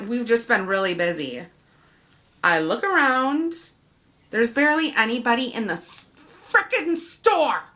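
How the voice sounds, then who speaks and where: A woman's voice: mid-range voice, sharp tone. A woman telling a story about a frustrating shopping trip in a casual rant, acting out the dialogue by quoting herself and the clerks.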